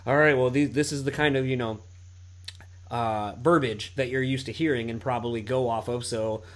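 Male podcast host, 30s, mid-pitched, loose and profane, filler-heavy. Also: fairly even intonation, moderate pace. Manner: swears freely, many "like" and "you know" fillers. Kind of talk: casual podcast chat.

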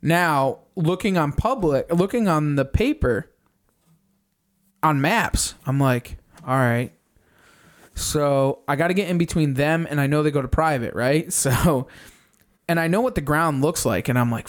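A young man on a podcast, casually recounting a hunt in animated detail, swearing often and acting out his own reactions. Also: a little high, measured pace. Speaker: podcast co-host. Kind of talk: casual storytelling recap.

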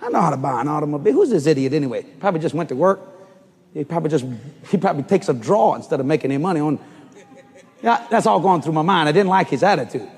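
Older guy preaching, big swoopy high voice, bit husky, telling a funny story in a big echoey hall. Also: quick pace. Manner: animated, laughing storyteller who acts out quotes. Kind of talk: storytelling sermon. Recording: reverberant hall.

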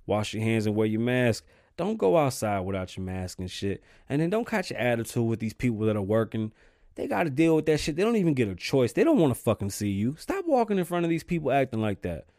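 A young man hosting his own podcast, ranting casually and cursing a lot, flaring up in heated bursts and then sinking back to a low mutter. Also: darkish tone, no echo, studio quality. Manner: profane, heated rants that drop to low muttering. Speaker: podcast host.

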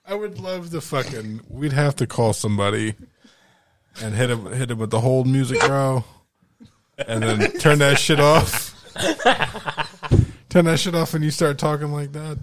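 A man's voice: mid-range voice, a little slow, pauses often, a little hiss or hum. A man co-hosting a podcast in casual chat, loose and laughing, swearing often. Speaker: podcast co-host.

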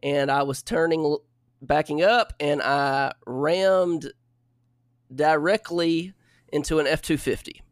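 A young man telling a story in casual chat, animated and exasperated. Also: a little high, slow, dry recording, clean studio sound.

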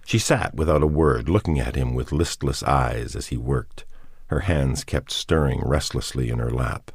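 A male narrator with an extremely deep voice reads a novel aloud in a measured, unhurried way. The sound is dry and close, with no room around it. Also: vocal fry, husky, no echo. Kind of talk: scripted audiobook narration.

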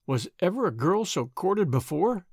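A man reading aloud as a spirited, impatient young noble lady in an old adventure storybook, with a sharp, exasperated manner. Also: high voice, big pitch swings, moderate pace, husky, no room sound, studio quality, full character voice.

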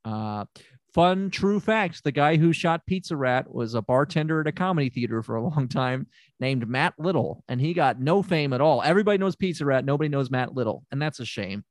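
A man hosting an improvised comedy podcast as a therapist, rambling and stammering with deadpan asides. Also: medium pitch, a little fast, no echo, clean studio sound. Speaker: podcast host playing a therapist.

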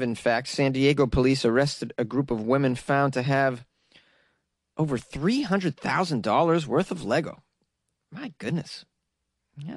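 A man's voice: medium pitch, no room sound, clean studio sound. A young man from Massachusetts hosting casual news commentary, with joking, sarcastic asides. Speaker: host.

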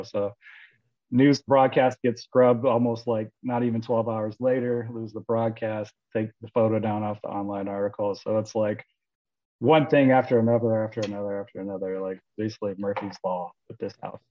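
Low-voiced guy in his 30s from florida telling a story as a guest, animated, lots of "like", kinda muffled lo-fi sound. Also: fairly quick. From Florida, USA. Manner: animated, acts out quoted voices, many fillers. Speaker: guest author. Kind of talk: casual storytelling.

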